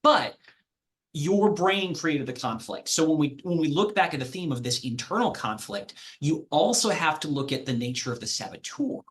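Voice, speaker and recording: A man who works as a lawyer joins a podcast conversation as a guest. He lays out his points in a measured, analytical way. He leans on personal examples to back up each idea. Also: fairly high pitch, lively intonation.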